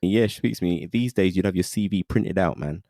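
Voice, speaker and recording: Casting: thirties man, podcast guest, low dark voice, lively storyteller. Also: brisk, gravelly, no room sound, studio quality. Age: 30s. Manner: animated, repeats "you know what I mean". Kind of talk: casual storytelling interview.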